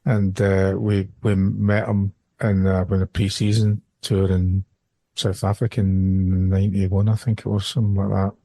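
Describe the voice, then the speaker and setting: A middle-aged male podcast host talks in a measured, hesitant way. His voice sits low and stays flat and even, and it sounds close and dry with no room around it. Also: no echo. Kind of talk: casual interview chat.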